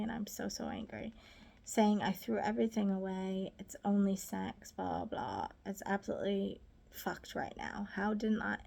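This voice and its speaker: A woman reading her own diary aloud, soft and often half-whispered, halting and grieving. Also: mid-range voice, gravelly. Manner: halting, with restarts. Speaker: diary reader.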